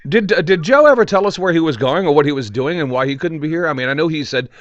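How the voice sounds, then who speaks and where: A man's voice: a little high, animated, fast, no echo. Male podcast co-host, self-mocking joker; lo-fi, muffled recording. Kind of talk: casual podcast chat. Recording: dull, lo-fi dry mic.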